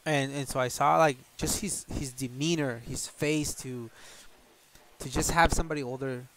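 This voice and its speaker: A man chats casually to his viewers, telling a story from his school days. He rambles and restarts his sentences, laughs now and then, and keeps his pitch in a middling range. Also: steady tone, moderate pace, fairly bright tone. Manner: rambling, many restarts, laughs often, addresses viewers as guys. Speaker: channel host. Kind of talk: casual storytelling while washing a car.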